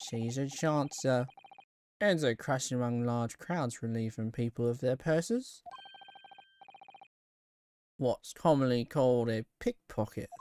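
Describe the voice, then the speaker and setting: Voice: mid-range voice, a little slow, long pauses, darkish tone, a little hiss or hum, voice pushed down, lightly acted. A streamer reading the lines of a chatty, evasive male witness in a put-on Irish brogue that slips. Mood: matter-of-fact. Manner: attempted Irish brogue, soon dropped. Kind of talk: game dialogue read aloud.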